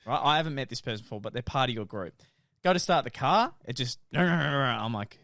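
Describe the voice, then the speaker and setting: Young man, podcast co-host, lively sweary storyteller, close dry mic. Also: mid-range voice, fairly quick, no echo. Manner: animated storytelling, swearing, laughing. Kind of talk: casual chat.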